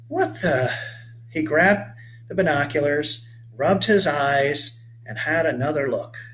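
Older male author reading a children's book, gentle teacherly delivery, faint hum behind. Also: fairly high pitch, a little slow. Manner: gentle storyteller, stops to explain to young listeners. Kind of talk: storybook read-aloud for children.

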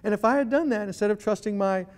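A man's voice: sits high, fast talker, smooth. A middle-aged man giving a humorous guest talk to a live audience, telling anecdotes and acting out the voices in them. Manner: storytelling, acts out voices in his anecdotes. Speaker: guest speaker. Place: meeting room at an ethics chapter event.

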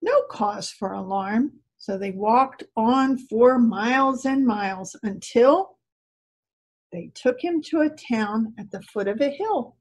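A woman reading a rhyming story aloud at a church service, slow and expressive. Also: fairly high pitch, low-quality recording.

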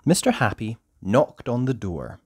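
A storyteller reading a children's picture book aloud in an expressive, sing-song way. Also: mid-range voice, a little slow, slight background noise.

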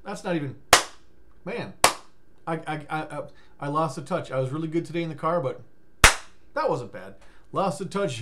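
A man's voice: a little high, lively intonation, moderate pace. A tired man vlogging in a rambling, stammering way, breaking into silly sing-song riffs. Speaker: life coach vlogger. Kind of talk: rambling casual vlog.

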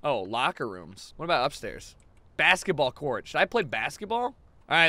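Excitable young man yelling at a game. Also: a little high, moderate pace, dry recording. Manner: excitable, swearing, shouts at the game. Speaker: gaming video host. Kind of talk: casual let's-play commentary.

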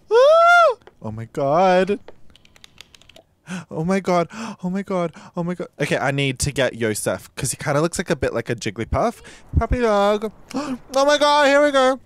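Drag queen let's-play host, man, unhurried but wildly swooping delivery, gasps and squeals, casual swearing, faint game music behind. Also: fairly high pitch. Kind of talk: casual gameplay commentary.

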